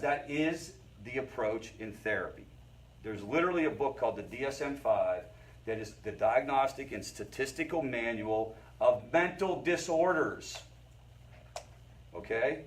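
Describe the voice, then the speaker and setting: A middle-aged man lectures a recovery group at an easy, mid-range pitch, sounding a little distant from the microphone. He talks casually and keeps asking his audience whether they follow him. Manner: conversational, keeps checking in with the audience. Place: meeting room with a group. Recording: voice picked up from a distance.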